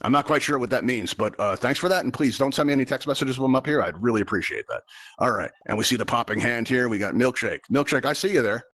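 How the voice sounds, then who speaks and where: A man hosting a live game show at a rapid clip, talking straight to the crowd. He rambles, piles up asides and keeps up a showman's patter. His voice sits in a middling register and comes through a headset microphone. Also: medium pitch, expressive, a bit bright. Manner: chatty, rambling showman addressing the audience. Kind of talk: live virtual event hosting.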